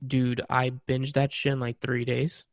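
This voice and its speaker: A young man co-hosting a podcast in casual chat, animated and swearing freely with lots of fillers. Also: medium pitch, measured pace, no echo, studio quality. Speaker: podcast co-host.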